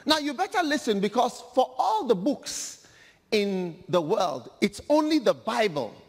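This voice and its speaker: A male preacher delivers a humorous, animated sermon, acting out the scripture as he goes. His voice is very high and swings widely, with an unhurried delivery. A long reverb from a large hall trails every phrase.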